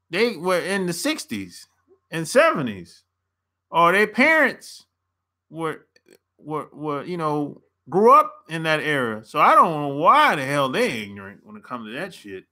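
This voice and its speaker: A man's voice: on the high side, sharp tone. An American man, a relationship coach, giving a blunt casual opinion rant to camera and laughing often.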